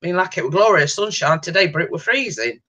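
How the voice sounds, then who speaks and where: A woman co-hosting a casual livestream, chatting in a relaxed way with her partner. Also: lowish voice, quick pace, slightly rough, dull audio. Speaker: co-host.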